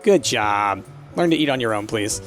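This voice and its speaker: A man's voice: fairly low pitch, expressive, normal speed, a bit bright, soft background music. A man casually commenting on a game while streaming, chatty, laughing often and talking to the pets on screen.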